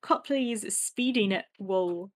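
A woman co-hosting a casual chat, giggling often and filling pauses with ums. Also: medium pitch. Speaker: podcast co-host.

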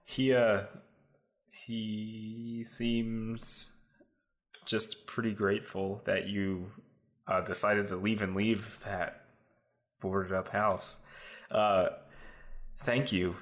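A man's voice: lowish voice, little pitch movement, drawn-out words, long pauses. A man voicing a worried small-town husband and father who rambles nervously.

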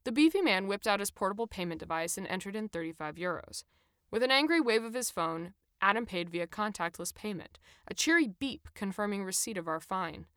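A woman reading her own first-person travel memoir with expressive, animated storytelling. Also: mid-range voice, a little fast, smooth, no echo, studio quality. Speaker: narrator.

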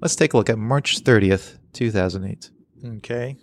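This man co-hosts a casual podcast, reading comic strips aloud and laughing often as they chat. His voice sits fairly low, he talks at a normal speed, and the recording is dry.

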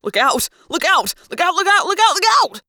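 A woman voicing a panicked teenage boy who yells urgent orders. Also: medium pitch, brisk, smooth, no room sound, studio quality, close to an everyday voice. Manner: loud urgent yelling.

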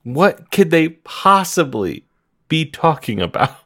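A man co-hosting a casual comedy podcast, riffing on jokes and laughing often. His voice swoops up and down expressively, and he talks at a slow, easy pace. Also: on the high side, very animated, fairly bright tone. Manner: playful, laughs often, riffs with bits. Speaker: podcast co-host.

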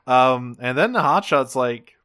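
A man co-hosting a casual recap chat, swearing freely and retelling scenes in an animated way. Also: mid-range voice, measured pace, clean tone, no echo, clean studio sound. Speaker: podcast co-host.

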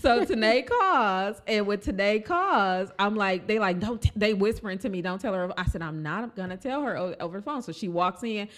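Woman telling a story, acts out all the voices, lots of laughs, mid pitch. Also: normal speed, hardly any pauses. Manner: animated, acts out quoted voices, laughs often. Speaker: storyteller recounting a family story. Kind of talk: casual storytelling chat.

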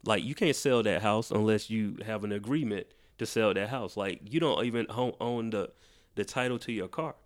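A man's voice: on the low side, moderate pace. A man co-hosting a podcast, making emphatic points in casual chat and repeating them for effect. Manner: emphatic, repeats points, laughs between lines. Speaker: podcast co-host.

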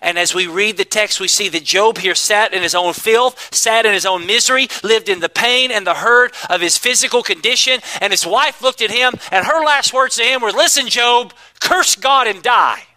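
A man preaching a sermon to his congregation, emphatic, swinging between loud declarations and hushed asides. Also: high-pitched, normal speed, hardly any pauses, low-quality recording. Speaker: pastor.

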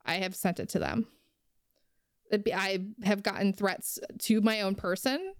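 A young woman vents on a casual podcast, heated and quick to swear. Her voice is smooth and clear. It sits close and dry, with no room sound. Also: medium pitch, dry recording. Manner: heated, ranting, swears freely. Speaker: podcast co-host.

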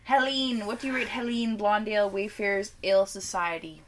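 A woman's voice: mid-range voice, a little fast, slight background noise. A young woman co-hosting a podcast, chatting casually and giggling while tasting beers, swearing freely. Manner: giggly, profane, animated. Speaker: podcast co-host. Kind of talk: casual chat, beer tasting.

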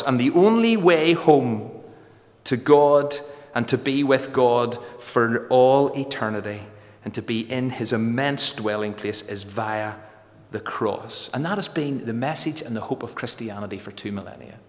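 A man preaching a sermon with emphatic delivery, slowing to drawn-out phrases for stress. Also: mid-range voice, in a large hall. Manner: emphatic, varied pace with slow dramatic pauses.

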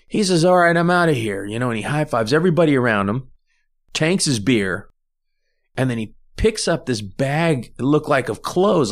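A man hosting a podcast by himself, telling rambling, casual stories about his own life. He often stops partway through a sentence and starts over, at an average pitch for a man. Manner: rambling anecdotal storytelling with frequent restarts. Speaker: podcast host. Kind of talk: casual solo monologue.

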